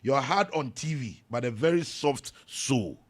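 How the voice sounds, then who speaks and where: A man with a Ghanaian accent hosting a morning radio show, chatting casually and reading listener messages and news in an animated way. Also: medium pitch, unhurried. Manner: animated, switching between Twi and English, reads messages aloud. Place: radio studio.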